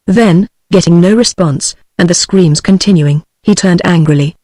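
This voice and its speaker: A synthetic British English woman's voice reading a novel aloud in an even, uninflected way. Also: on the low side, moderate pace, few pauses, dry recording. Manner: even, uninflected delivery of dialogue and narration. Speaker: narrator.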